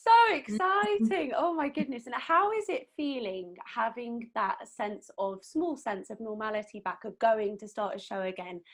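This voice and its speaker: A woman's voice: a little high, expressive. A woman hosting an interview podcast, introducing her guest and asking questions with enthusiasm over a video call. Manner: warm, enthusiastic, asks questions in quick strings.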